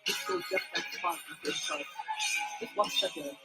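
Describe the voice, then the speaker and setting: A woman hosting her own podcast, chatting in a rambling, excitable way that often trails off and restarts. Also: fairly low pitch, brisk, faint music behind. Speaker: podcast host. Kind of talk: rambling casual chat.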